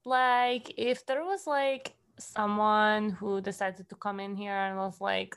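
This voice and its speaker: A woman's voice: mid-range voice, fairly even intonation, slow, few pauses, fairly bright tone, smooth. A woman playing a tabletop game in a casual, playful way, often talking as her character. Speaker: player.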